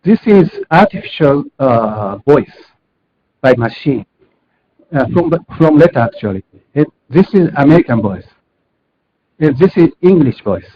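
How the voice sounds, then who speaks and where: A man with a Japanese accent, a native Japanese speaker, giving a technical conference presentation in a halting way with many fillers and restarts. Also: a little high, very animated. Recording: dull lo-fi conference audio.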